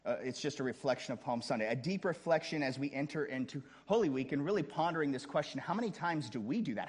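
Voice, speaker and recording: A man preaching with dramatic swings, hushed one moment and shouting the next, with easy joking asides along the way. His voice sits a bit high. The sound rings with the long reverb of a large hall. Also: husky. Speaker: pastor. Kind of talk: sermon.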